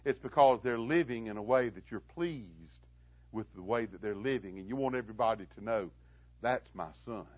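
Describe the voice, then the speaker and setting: A middle-aged man preaching a sermon, rising to loud emphatic lines and dropping to hushed tones. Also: fairly low pitch, fairly quick, dry recording, dull audio.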